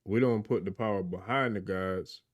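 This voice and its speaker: A man's voice: sits low, moderate pace. A man co-hosting a livestream who chats casually, emphatic and hyped, calling the people around him family. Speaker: livestream co-host.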